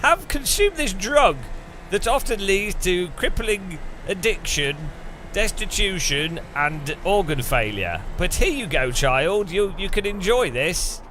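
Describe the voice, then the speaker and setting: A man's voice: high voice, very animated, sharp tone, a little hiss or hum, voice pushed up, exaggerated voice. A man voicing a mock Frenchman who blithely offers wine to children, in an exaggerated fake French accent. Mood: mock earnest. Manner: exaggerated, slow and sing-song.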